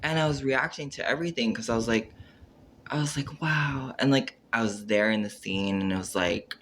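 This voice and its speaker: Talking fairly quickly in a low, slightly bright voice, a male vlogger meanders through an informal monologue for the camera. Filler words abound as he mimes his reactions and trails off partway through sentences, with faint hiss or hum behind him.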